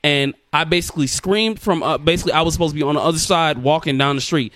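A young man with a slightly high voice tells a story in a loose, animated podcast chat. He swears freely and acts out both sides of the exchange. The recording is dry and close, with little room sound. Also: quick pace, no echo. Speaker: podcast co-host.

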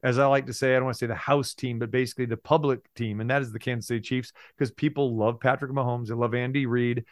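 An exuberant man talking sports betting as a podcast guest, his voice pitched around the middle for a man. He is recorded close and dry, with almost no room sound. His delivery is animated, tipping into loud playful shouting when he gets excited. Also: fast, few pauses, no echo. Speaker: sports handicapping radio host, guest. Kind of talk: casual podcast chat.

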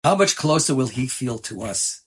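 Passionate husky man telling a story. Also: medium pitch, sing-song, normal speed. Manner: emphatic, passionate storytelling with Yiddish and Hebrew terms. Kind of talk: inspirational story talk.

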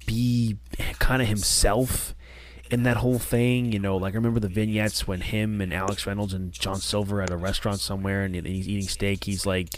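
Animated, rambling male podcast co-host. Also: on the low side, moderate pace. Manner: animated, rambling, many restarts and fillers. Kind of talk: casual podcast chat.

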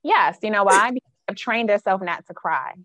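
A woman's voice: mid-range voice, normal speed, fairly bright tone, dry recording. A woman life coach, talking frankly and emphatically in a casual podcast chat. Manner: frank, emphatic, slips into dialect and quoted voices.

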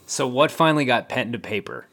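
A man's voice: mid-range voice, expressive, brisk, fairly bright tone. A man hosting an interview, asking prepared questions with a wry touch. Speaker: interviewer host. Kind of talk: conversational interview.

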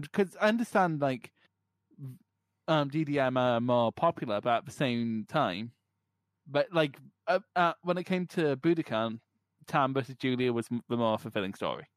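A man's voice: mid-range voice, big pitch swings, moderate pace, no echo. Guy ranting on a podcast, lots of restarts and cursing, dry sound. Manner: rambling with restarts and swearing. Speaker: podcast co-host. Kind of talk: casual podcast chat.

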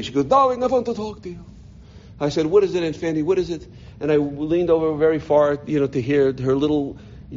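A middle-aged man speaking to a group about his life has a dark, mid-range voice, and a little hiss or hum sits under the dull, lo-fi audio. Heartfelt, he stumbles into restarts, repeating words as he gropes for them.

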